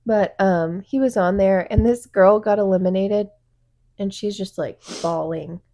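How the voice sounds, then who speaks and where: With a mid-range voice and a measured pace, this podcast co-host chats casually and tells lively stories packed with filler words.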